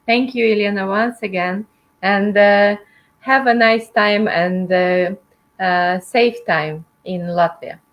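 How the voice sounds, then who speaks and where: Halting woman hosting an interview. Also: medium pitch, rough recording. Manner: friendly, halting, with many fillers. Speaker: interview host. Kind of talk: casual video-call interview.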